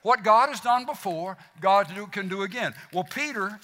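A man with a Southern US accent preaching a sermon as pastor, animated and fired up, stumbling over restarts as he goes. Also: high voice, moderate pace. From South Mississippi. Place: church sanctuary. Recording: long hall reverb.

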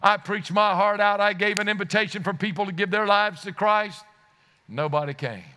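A man's voice: high voice, normal speed, pushed and bright, smooth. A man preaching a sermon, telling a story earnestly and rising to fervent exclamations, often repeating words as he starts a phrase.

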